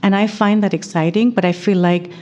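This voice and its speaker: A woman guest in an interview, telling work stories in a measured, reflective way. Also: medium pitch, steady tone, a little mellow, lo-fi sound. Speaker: guest, venture investor. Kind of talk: conversational interview.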